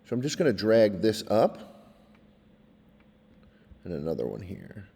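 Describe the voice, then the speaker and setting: Man explaining software, mellow, reverberant. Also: lowish voice, sing-song, a little slow, creaky, breathy edge. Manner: casual, explains step by step, often adds "all right?". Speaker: music technology teacher. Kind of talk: screen-recorded software tutorial.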